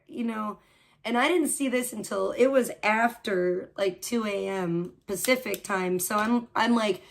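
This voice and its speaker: A woman hosting a live stream, chatting, laughing and greeting viewers as she comments on clips. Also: fairly high pitch. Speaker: livestream host.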